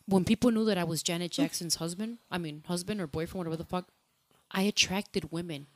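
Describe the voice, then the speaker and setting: A woman's voice: fairly low pitch, fast. A woman, a podcast guest telling profane, laughing stories in casual chat and slipping into Spanish.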